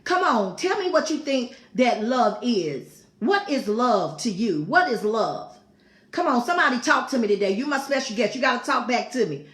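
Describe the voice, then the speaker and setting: Lively woman hosting a live-stream talk. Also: fairly high pitch, moderate pace, reverberant. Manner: coaxing viewers, repeating questions. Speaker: host.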